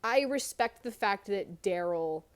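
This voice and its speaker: A woman's voice: mid-range voice, expressive, unhurried. A young woman giving casual reaction commentary, chatty and thinking aloud, asking herself one rhetorical question after another. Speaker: reaction video creator.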